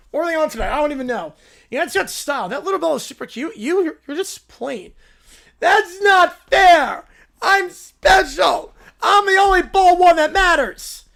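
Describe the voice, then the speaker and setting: A man's voice: very high voice, creaky. A man hosting a casual livestream, reading viewer prompts aloud with amused, sarcastic remarks. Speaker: livestream host. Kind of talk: casual livestream reaction chat.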